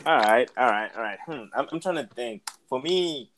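A man hosting a casual podcast chat, relaxed and laughing often, repeating words as he thinks. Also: medium pitch, moderate pace, slight background noise, low-quality recording. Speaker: podcast host.

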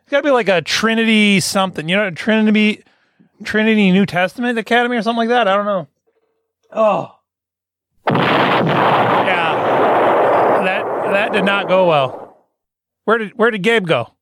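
A man co-hosting a comedy podcast, chatting casually in an animated, joking way. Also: sits high. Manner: animated, joking, quick to laugh. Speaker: podcast co-host.

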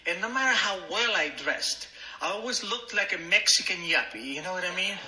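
Brief older Argentine-accented man, slightly high, very bright tone, wry self-mocking storyteller, echoey room. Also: expressive, brisk. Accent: Argentine Spanish. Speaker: speaker at a recovery meeting. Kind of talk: personal story told to a meeting.

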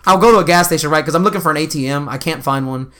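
His voice runs on the high side, and the words come out rapid-fire. As one of the hosts of a laid-back podcast, he spins animated stories full of profanity and performed dialogue.

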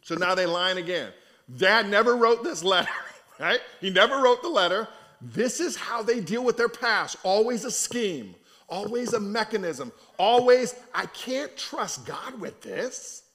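A man preaching a conversational sermon in an animated, colloquial way. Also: high-pitched, normal speed.

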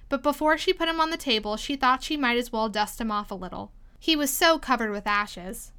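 A woman reading a storybook aloud in an expressive, lively storytelling manner. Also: on the high side, clean tone. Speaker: storybook reader. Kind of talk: storybook read-aloud narration.

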